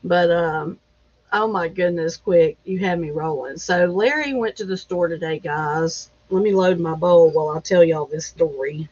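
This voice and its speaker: A woman hosts a casual live chat, greeting viewers by name and laughing easily. Her fairly low voice is a little mellow and moves at a moderate pace, carried over dull lo-fi stream audio.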